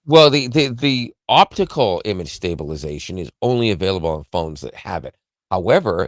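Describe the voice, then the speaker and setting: Deep-voiced man rambling about tech. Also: dry recording, studio quality. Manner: rambling, self-correcting, chuckles often. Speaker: podcast co-host explaining tech. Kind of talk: casual tech podcast chat.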